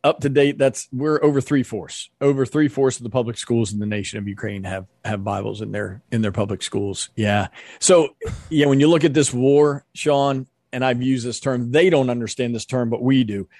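Interview guest, male, mid pitch, earnest and animated storyteller, dry close mic. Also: normal speed, dry recording. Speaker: ministry leader, guest.

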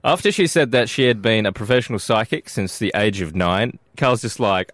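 A man's voice: fairly low pitch, normal speed, hardly any pauses, a bit bright, no room sound, clean studio sound. A man with an Australian accent hosting a casual breakfast radio show, laughing often as he banters with his co-host.

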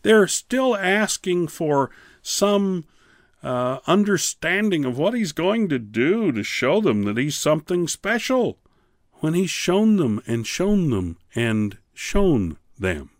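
A man teaching a Bible class on the radio, preaching in a fervent, pleading way with slow, emphatic pauses. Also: a little high, very animated, no room sound, clean studio sound. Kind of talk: radio sermon.

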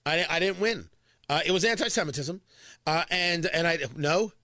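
A man's voice: on the high side, normal speed, pushed and bright, no room sound, clean studio sound. A middle-aged man hosting a morning talk radio show, delivering an opinionated monologue with emphatic repetition and sarcastic asides. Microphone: studio microphone.

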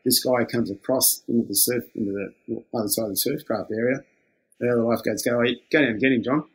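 A man's voice: medium pitch, steady tone, fast talker, husky. An older Australian man, a former lifeguard, telling stories in a laid-back way, acting out the quoted exchanges and chuckling often. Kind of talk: casual storytelling.

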